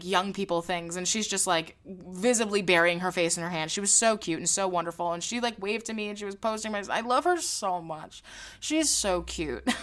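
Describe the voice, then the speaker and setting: A woman's voice: medium pitch, a bit bright. A young woman chats through her own podcast in a loose, casual way. She laughs often and swears freely, and her voice sits in an ordinary middle range. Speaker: podcast host. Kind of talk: casual chat.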